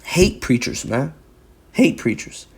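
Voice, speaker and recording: A man's voice: medium pitch, sing-song, slow pace, gravelly, a little mellow, breathy edge. A man giving an emphatic, repetitive preaching commentary on video, reading scripture and news aloud and often adding "man".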